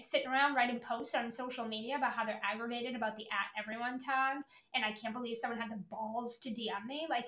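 Brash, profane woman with a high voice. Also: a bit bright, reverberant. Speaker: podcast host, sales coach. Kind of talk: blunt motivational podcast rant.

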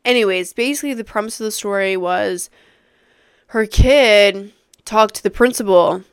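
A young woman in her twenties tells a story in an animated way, swearing freely, with lots of filler words. Her voice is smooth and crisp. The sound is dry and close, with no room echo. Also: medium pitch, normal speed. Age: 20s. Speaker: podcast host. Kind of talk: casual storytelling rant.

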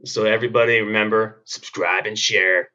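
A man's voice: fairly low pitch, fairly even intonation, normal speed, sharp tone, highs cut off. A man co-hosting a podcast, chatting in a laid-back way with crude jokes. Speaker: podcast co-host. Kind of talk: casual chat.

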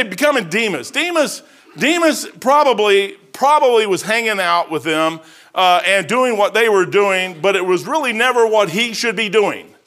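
A middle-aged man preaching a sermon in a folksy storytelling way, swinging between loud emphatic bursts and quieter asides. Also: high voice. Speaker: pastor.

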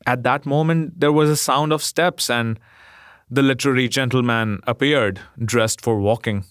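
A man reading a short story aloud in a measured, gentle way. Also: medium pitch, fairly even intonation, clear, resonant tone, dry recording, studio quality. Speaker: narrator.

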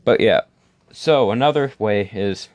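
Speaking at a measured pace, a young man hosting a podcast holds forth in a loose monologue, his lowish voice darkish in tone. He's opinionated, restarts often and leans on "like," and the close, dry recording has no room sound.

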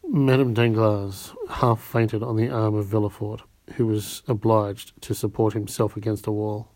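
A man reading a classic novel aloud in a measured way, with small slips and restarts. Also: fairly low pitch, flat delivery, darkish tone, dry recording. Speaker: audiobook reader.

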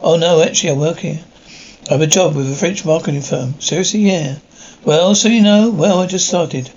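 A woman's voice: deep voice, normal speed, a little mellow, natural voice. Earnest young American woman, as an actress plays her. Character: young American woman newly working abroad. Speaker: marketing employee. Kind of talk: TV drama dialogue. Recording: roomy, dull TV audio with faint ambience.

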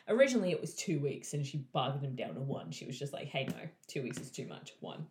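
A low-pitched woman chatting away as she retells a story, peppering it with swearing and little acted-out lines. The room around her is echoey, with a faint hiss of noise behind her. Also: sing-song, brisk, darkish tone. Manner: chatty, swears freely, acts out characters' lines. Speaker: friend retelling a book. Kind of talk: casual chat.

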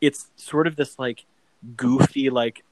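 A man's voice: medium pitch, steady tone, slow pace, darkish tone, no room sound, rough recording. Chatty man, dry close sound. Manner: rambling, filler-heavy, acts out quoted lines. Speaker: podcast co-host. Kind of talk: casual chat about a TV adaptation.

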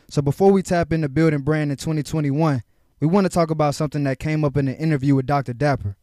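A man's voice: fairly high pitch, fairly even intonation, fast talker, dark tone, dry recording, studio quality. A young man from Houston hosting a casual podcast, talking in hype, slangy, upbeat bursts. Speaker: podcast host.

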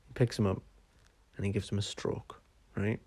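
This male podcast host has a lowish, warm, slightly rough voice with a level tone and normal speed. Recorded with no room sound, he spins a chatty, sweary story, frequently asking "right?".

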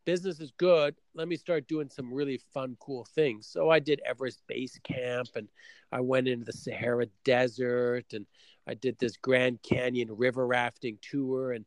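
A man's voice: medium pitch, level tone, moderate pace, no room sound. A middle-aged man from Canada telling a story in casual chat, acting out both sides of his conversations.

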